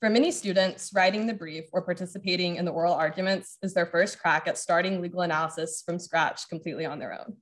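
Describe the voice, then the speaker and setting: A woman's voice: fairly low pitch, quick pace, hardly any pauses. A law student in her twenties giving an earnest, grateful prepared speech at a ceremony. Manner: earnest, grateful, briefly choked up.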